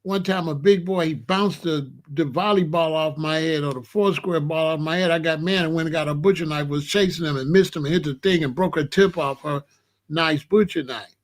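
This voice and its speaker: A man hosting his own show, telling a personal story with lively, laughing delivery. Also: a little high, fairly quick. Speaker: show host.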